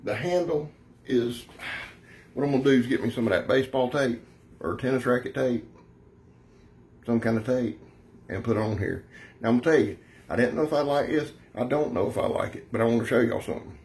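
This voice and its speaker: A man's voice: medium pitch, brisk, long pauses, darkish tone. A man giving a rambling, folksy, brash product review, talking straight to his viewers. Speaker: knife reviewer.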